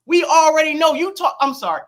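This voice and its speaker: A livestream host arguing loudly in a profane, combative way and talking over the other person on a stream mic. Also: high-pitched, animated, brisk. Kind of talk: heated online debate.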